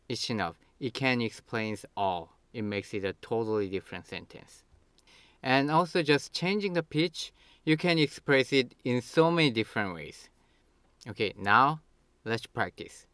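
A man's voice: medium pitch, expressive, unhurried, fairly bright tone, clear, resonant tone, no room sound. Man teaching a language lesson. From Korea. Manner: acts out example phrases with big shifts in tone.

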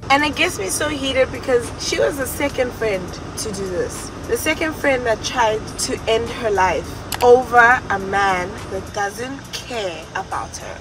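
A woman's voice: fairly high pitch, expressive, unhurried, hardly any pauses, music in the background, rough recording. A young woman telling a personal story in a storytime vlog, speaking candidly and emotionally. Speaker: vlogger.

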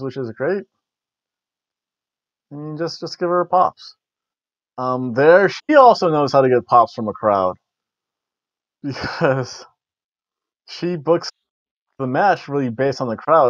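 In a mid-range, expressive voice, a man hosting a wrestling review podcast speaks at a measured pace with long pauses. He rambles casually, joking and restarting often, on a dull, dry, lo-fi recording with no echo.

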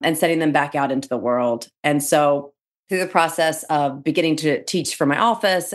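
A middle-aged woman with a notably low-pitched voice tells stories as a podcast guest. She talks in an animated, chatty way, laughing often and restarting her sentences. She is a real estate speaker and trainer from New Jersey. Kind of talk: casual interview chat.

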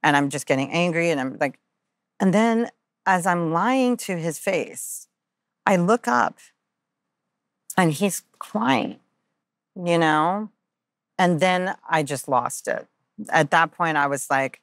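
A woman with a notably low speaking voice sits as a podcast guest and tells a personal story in an earnest, candid way. She fills pauses with frequent ums and uhs and slips into the voices of the people she quotes. The recording is close and dry. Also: fairly bright tone, dry recording.

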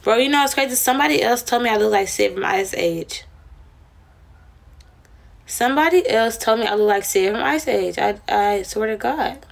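A woman's voice: fairly high pitch, normal speed, vocal fry. A young woman chatting casually on a livestream, telling a rambling, slangy, profane story to her viewers.

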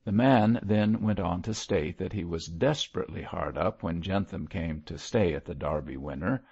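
A man reading an audiobook chapter in a measured, expressive narration. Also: sits low, creaky, slightly rough. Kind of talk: scripted narration. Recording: muffled lo-fi recording.

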